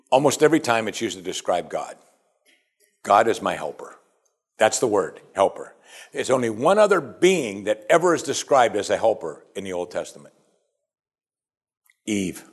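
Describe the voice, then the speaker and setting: A man delivers a sermon with a very lively, swooping pitch. He slips into higher, playful voices to act out the people he quotes, then drops back into a plain, even teaching tone. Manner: animated, acts out quoted voices in a raised pitch. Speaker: pastor.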